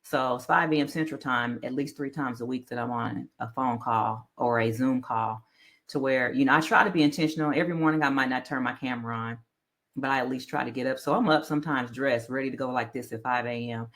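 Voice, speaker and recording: A woman guest on a podcast with a bright, forceful voice. She tells stories in a playful, colloquial way. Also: very deep voice, fairly quick. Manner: animated, playful storyteller, colloquial. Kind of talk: casual chat.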